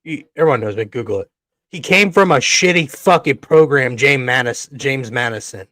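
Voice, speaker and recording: A man's voice: medium pitch, normal speed, pushed and bright, no room sound. A man co-hosting a podcast, ranting bluntly in casual chat and swearing freely. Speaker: podcast co-host.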